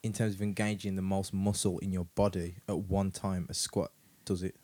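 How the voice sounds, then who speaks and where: A man's voice: low voice, little pitch movement, moderate pace, darkish tone. A man, co-hosting a casual podcast chat and explaining things at ease, with a sore back. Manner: laid-back, explains fitness with fillers. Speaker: podcast co-host.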